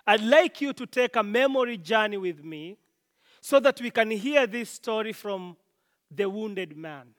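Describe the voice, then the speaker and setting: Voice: mid-range voice, expressive, unhurried, a bit bright, long reverb tail. A preacher opening a story segment in a sermon, inviting the listeners to imagine along. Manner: invites listeners in, leading questions.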